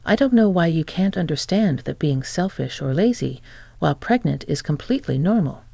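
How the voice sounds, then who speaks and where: A reader putting on a selfish young husband with a gravelly edge and a dark, mellow tone, contemptuous and sneering as he belittles his wife. The sound is close and dry, like a storybook read straight into the mic. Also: fairly high pitch, expressive, moderate pace, no echo. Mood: scornful.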